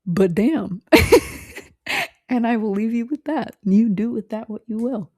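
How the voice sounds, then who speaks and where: A woman's voice: a little high, moderate pace, warm tone, no room sound, studio quality. A young woman vlogger telling a rambling story in a casual, chatty way, full of fillers and restarts and the odd swear.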